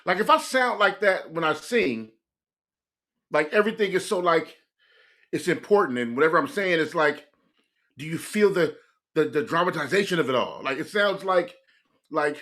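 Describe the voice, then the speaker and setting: High-voiced excitable young man reacting. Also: normal speed. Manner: excitable, rambling, fills speech with "like". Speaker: music reaction host. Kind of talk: casual reaction commentary.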